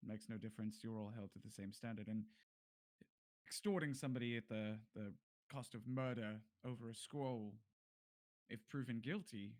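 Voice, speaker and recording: A man voicing a stern adult guard captain who speaks in a formal, measured way. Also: lowish voice, darkish tone, no room sound, natural voice.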